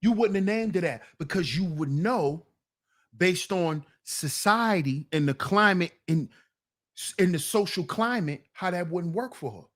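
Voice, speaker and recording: High-voiced scolding man ranting. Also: expressive, a little slow, fairly bright tone. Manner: blunt, scolding, talks back to viewers. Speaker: commentary channel host. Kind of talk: casual commentary rant.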